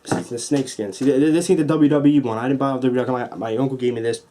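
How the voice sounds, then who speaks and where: Excitable young man ranting about wrestling. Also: mid-range voice, rapid-fire, a little hiss or hum. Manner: excited, profane, acts out moves with sound effects. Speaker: wrestling vlogger. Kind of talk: casual review rant. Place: at home at a table.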